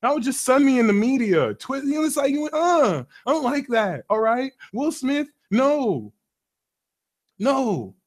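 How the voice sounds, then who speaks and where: Brief: high, lively male host, profane and theatrical, jumps between loud bursts and mumbling. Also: unhurried. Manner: profane, slangy. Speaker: astrology reader hosting a live stream. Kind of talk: animated rant on a live stream.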